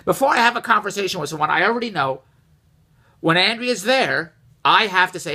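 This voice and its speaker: A man telling a casual personal story, rambling and repeating himself, rising and getting louder when exasperated. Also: high voice, a little fast. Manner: animated, rises and gets louder when exasperated.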